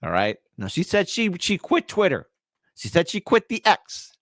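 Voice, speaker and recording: A man hosting a casual commentary show, jokey and excitable, and often poking fun at himself. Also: sits high, normal speed, no room sound, clean studio sound. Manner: jokey, excitable, self-mocking.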